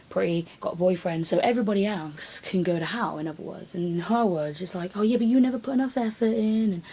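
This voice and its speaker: Chatty teen girl, low mellow voice. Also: low-quality recording. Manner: rambling, animated retelling with acted quotes. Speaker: vlogger. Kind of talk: casual storytelling vlog.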